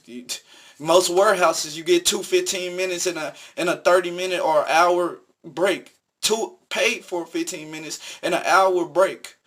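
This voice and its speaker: A man's voice: sits high, unhurried, a bit bright. A man vlogging, telling a personal story in an earnest, emphatic, repetitive way. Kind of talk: casual storytelling monologue.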